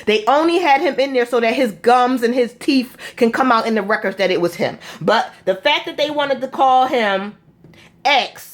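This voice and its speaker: Woman ranting hard on a live feed, fired up and preachy, kinda high voice, swears a lot. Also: normal speed. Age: adult with four children. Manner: fiery, preachy and repetitive, with blunt profanity. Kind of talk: impassioned live-stream address.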